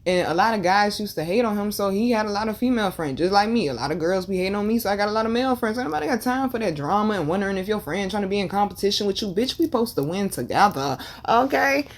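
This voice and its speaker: A woman's voice: mid-range voice, animated, fast talker, hardly any pauses. A young woman vlogger telling a painful personal story candidly, with slang and swearing, and repeating lines for emphasis. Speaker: tarot and numerology vlogger.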